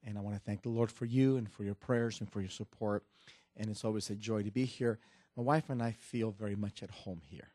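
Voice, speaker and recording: A middle-aged man, a visiting missionary preaching a sermon, halting with many restarts. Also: lowish voice, no echo, clean studio sound. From Mexico. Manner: warm, halting with restarts, building to loud preaching. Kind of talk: sermon with joke and scripture reading.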